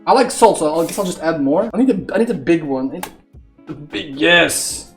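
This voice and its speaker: Young man, streamer, excitable, swearing, loud outbursts, echoey kitchen. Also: on the high side, brisk. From Belgium. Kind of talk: live-stream chat while cooking. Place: home kitchen. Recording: echoey kitchen with faint music.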